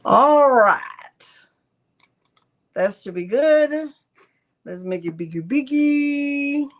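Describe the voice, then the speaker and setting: A woman's voice: mid-range voice, expressive, slow pace. Woman host of a live craft stream: casual, chatty, talks through each step, answers chat. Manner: chatty, narrates her clicks aloud and answers live chat; talks to herself under her breath at times.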